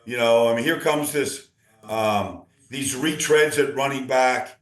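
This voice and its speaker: A man talking as a football analyst guest, rambling and animated, with many restarts. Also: medium pitch, unhurried, roomy sound, poor audio. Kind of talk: casual sports talk.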